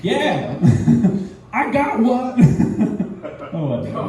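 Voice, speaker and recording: A man's voice: very high-pitched, huge pitch swings, drawn-out words, vocal fry, darkish tone. A young man doing an open-mic stand-up set, rambling and self-deprecating with giggly asides. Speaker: stand-up comedian. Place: small comedy venue, indoors. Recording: echoey room, mic far off, faint noise.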